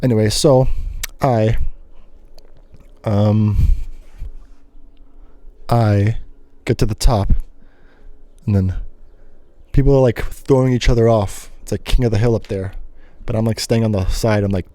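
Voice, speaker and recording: A young man hosting a solo podcast, telling a rambling story in an animated way with sudden loud yelps and bits of singing. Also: on the low side, moderate pace, pauses often, no echo. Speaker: host.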